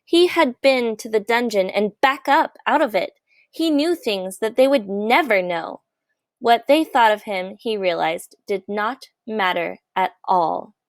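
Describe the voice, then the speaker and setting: A woman reading a children's novel aloud in a gentle, measured storytelling voice. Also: mid-range voice, no room sound, studio quality. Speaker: audiobook reader. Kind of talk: storybook narration.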